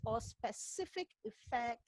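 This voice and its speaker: Slow, high-voiced Ghanaian woman teacher. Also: lively intonation, no echo, low-quality recording. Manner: asks rhetorical "what?" questions and answers them herself; repetitive, drilling key points. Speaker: literature teacher. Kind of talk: online class lecture. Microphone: computer mic on a video call.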